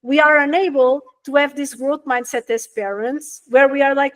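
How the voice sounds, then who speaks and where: A woman's voice: high voice, fairly even intonation, normal speed, few pauses. A woman parenting coach, a guest in an interview, who explains her points in an earnest and emphatic way.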